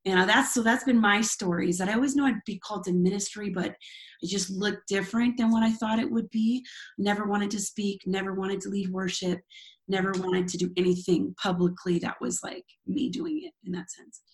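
A woman's voice: mid-range voice, fairly even intonation, a little fast. A woman who is a worship leader and former youth pastor, telling her personal testimony in an interview in a candid, self-deprecating way with frequent laughs.

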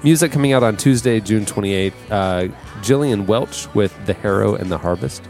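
A man's voice: fairly low pitch, normal speed, darkish tone, faint music behind. A man hosting a podcast in casual chat, teasing and arguing his points with friends. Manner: teasing, argumentative. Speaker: podcast host.

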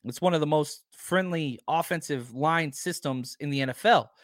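A man with a slightly raised pitch hosts a casual sports podcast, arguing point after point with animated, emphatic energy at a normal speed. His voice is a little hoarse after a long day of talking, and the audio is dry and close-miked with no echo.

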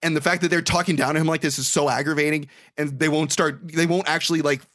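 A man's voice: fairly high pitch, steady tone, fairly bright tone, dry recording, studio quality. A young man co-hosting a podcast, recapping a film in casual, exasperated, profanity-laced storytelling. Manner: profane, exasperated storytelling with quick quoted asides. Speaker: podcast co-host.

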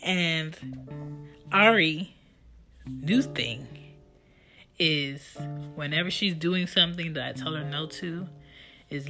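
A woman in her thirties casually telling stories about her children in an animated, chatty way. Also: deep voice, takes it slowly, long pauses. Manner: animated, chatty, acts out her kids' lines. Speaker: mother telling family stories. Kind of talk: casual storytelling. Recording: guitar music playing behind the voice.

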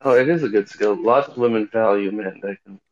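A man's voice: on the low side, brisk. Lecturing man in his thirties, lo-fi chat. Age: 30s. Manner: lecturing, needling. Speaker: voice chat participant. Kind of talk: argumentative group voice chat.

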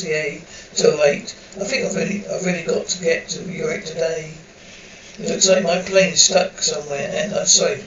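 A man speaking in the hurried, overlapping dialogue of a screen drama. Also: fairly high pitch, a bit bright, lightly acted. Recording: roomy, distant, dull audio with faint hiss.

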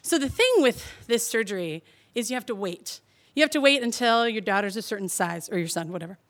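Young woman, a touch high-voiced, animated live storyteller who laughs through her tale. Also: fairly quick. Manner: chatty and animated, heavy on "like", laughs through the telling.

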